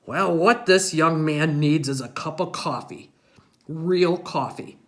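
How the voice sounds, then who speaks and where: A woman voicing a stern, teasing older grandfather with a gruff, folksy way of talking. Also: sits low, slow pace.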